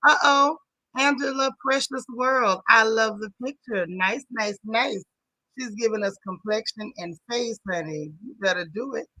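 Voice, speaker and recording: Southern woman host, chatty and sassy, dry close mic, bright tone. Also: a little high, moderate pace, no room sound, poor audio. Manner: chatty, greets viewers one by one, sassy slang. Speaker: show recap host. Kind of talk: casual livestream chat.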